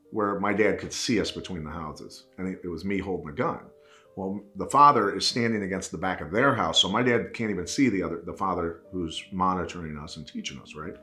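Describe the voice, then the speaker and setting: A man in an interview calmly recalling a harsh childhood memory in a plain, matter-of-fact way. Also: deep voice. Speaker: retired fighter interviewed. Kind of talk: recollection in an interview.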